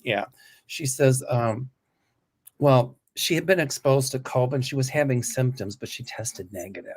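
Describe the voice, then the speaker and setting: A man's voice: mid-range voice, normal speed, breathy edge. A man from the American South joins a casual political chat. He speaks in an opinionated, chatty way and thinks aloud as he goes.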